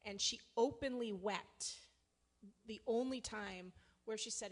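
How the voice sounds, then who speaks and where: A woman's voice: on the high side, slow. A woman moderating a panel discussion, talking in a conversational way with frequent restarts. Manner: conversational, many restarts and fillers. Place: lecture hall.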